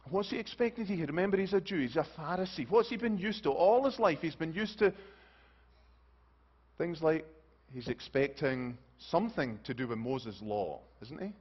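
Preacher swinging from urgent to hushed. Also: male voice, fairly high pitch, lively intonation, normal speed, husky. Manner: dramatic swings from loud urgent rises to hushed soft pleas. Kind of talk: sermon. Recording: dull lo-fi recording.

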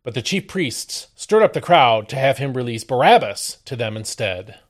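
A man hosting a daily devotional, reading a Bible passage aloud and then explaining it, with expressive emphasis on the quoted lines. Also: mid-range voice, normal speed. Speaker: devotional host. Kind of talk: scripture reading and devotional commentary.

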